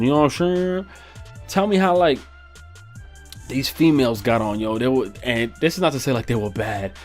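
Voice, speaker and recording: Slangy New man telling a story. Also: mid-range voice. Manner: slangy, profane, animated storytelling. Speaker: vlogger. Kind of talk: storytime vlog.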